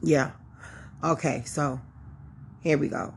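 A woman's voice: deep voice, a little slow, slightly rough. A woman reading a Bible chapter aloud and teaching, with chatty, informal asides and many fillers. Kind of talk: casual scripture reading and teaching.

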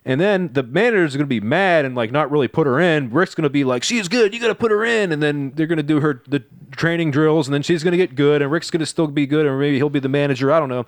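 A man's voice: a little high, quick pace, few pauses, no room sound, clean studio sound. A man co-hosting a comedy podcast, chatting casually and reading stage directions in a rambling, jokey way. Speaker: podcast co-host, narrator.

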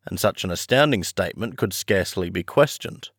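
A man narrating a classic story as an audiobook podcast host, measured and friendly. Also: deep voice, animated, dry recording, clean studio sound.

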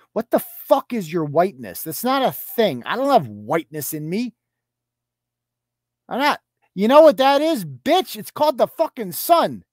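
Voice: mid-range voice, dry recording, clean studio sound. A podcast host delivering a profane, mocking rant as commentary. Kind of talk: ranting commentary.

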